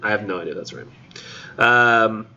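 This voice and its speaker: Bright-voiced casual male instructor. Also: fairly low pitch, normal speed. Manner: casual and chatty, heavy use of "like". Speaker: college literature instructor. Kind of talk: classroom lecture with poetry reading. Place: classroom. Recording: dull lo-fi classroom recording.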